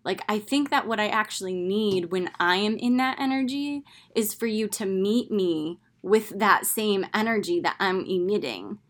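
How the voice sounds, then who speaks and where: A young woman hosts a casual self-help talk in a candid, animated way. She slips into her own inner voice now and then. Her pitch sits in a middle range. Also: moderate pace, hardly any pauses.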